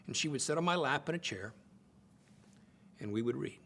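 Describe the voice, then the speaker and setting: An older American man gives a sermon-style talk on marriage, telling family stories and acting out quotes with swings in pitch and loudness, often repeating words as he starts a phrase. He speaks expressively at a moderate pace, with a little hiss or hum on the recording.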